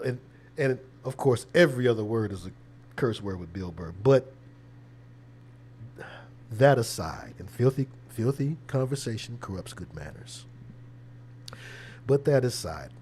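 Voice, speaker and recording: A man's voice: medium pitch, expressive, measured pace, pauses often, a little mellow, a little hiss or hum. A man who is a preacher, hosting a casual livestream with conversational, preachy commentary and a habit of repeating words. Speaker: preacher and show host.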